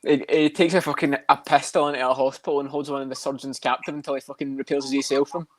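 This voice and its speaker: A man co-hosting a podcast, riffing quickly and swearing between laughs. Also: medium pitch, little pitch movement, dry recording. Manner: quick, profane, laughing riffs. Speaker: podcast co-host. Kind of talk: casual podcast chat.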